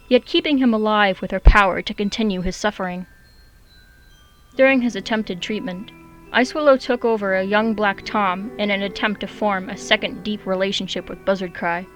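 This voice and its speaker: A woman narrating her own animal story in a steady, clear voice of middling pitch. Soft music plays quietly behind her.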